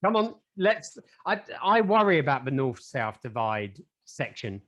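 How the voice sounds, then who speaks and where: With a medium-pitched, sing-song voice that's a bit bright, this English podcast co-host speaks at a measured pace. His casual chat is rambling, jokey, and frequently self-mocking.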